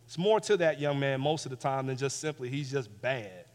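A male pastor preaching a sermon, repeating phrases emphatically and swinging between hushed and loud passages, on a clip-on mic. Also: medium pitch, expressive, moderate pace. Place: church sanctuary. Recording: long reverb of a church hall.

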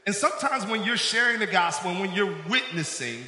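A pastor preaches a sermon in a church sanctuary, calling out to the congregation for responses. His voice is high, sharp and a little fast with lively intonation, echoing through the hall with long reverb.

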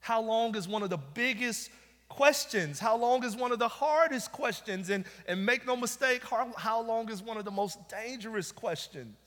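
Man, pastor, high voice, emphatic sermon, repeated rhetorical questions, long hall reverb. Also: expressive, moderate pace, a bit bright.

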